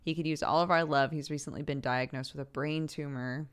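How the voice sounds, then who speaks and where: A man's voice: a little high, steady tone, a little fast, fairly bright tone, clear, resonant tone. A young man streaming, chatting casually with viewers, reading out their messages and laughing often.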